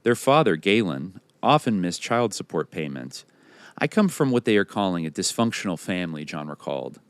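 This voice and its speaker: Deep-voiced podcast host reading aloud. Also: male voice, dry recording.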